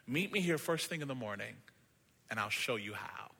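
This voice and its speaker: A man voicing a calm, polished young wicker woman who speaks quietly, in a story told in a sermon. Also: medium pitch, normal speed, vocal fry, slightly rough, pitched below the performer's own voice, exaggerated voice.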